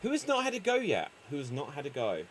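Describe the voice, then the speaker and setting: A man's voice: on the high side, huge pitch swings, fast talker, crowd noise. A man hosting an online improv show, calling time and handing out movie prompts with a playful, laughing manner. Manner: playful, laughs between cues.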